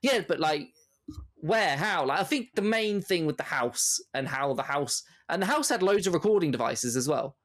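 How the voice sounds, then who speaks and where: A man co-hosting a podcast, talking through a film in animated casual chat, full of fillers and laughs. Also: a little high, normal speed. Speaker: podcast co-host.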